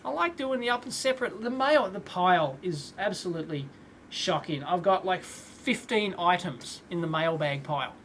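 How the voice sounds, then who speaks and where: A man in his thirties hosting a live electronics Q&A stream from a home workshop, casual and rambling, clearing his throat often. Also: high voice, expressive, normal speed, fairly bright tone, a little hiss or hum. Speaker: electronics video host.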